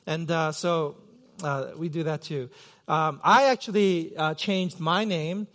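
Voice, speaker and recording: Pastor, male, middle-aged, from Korea: a relaxed, chatty sermon voice sitting high in the register, trailing off into fillers. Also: takes it slowly. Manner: conversational, self-deprecating with many fillers and restarts. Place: church sanctuary.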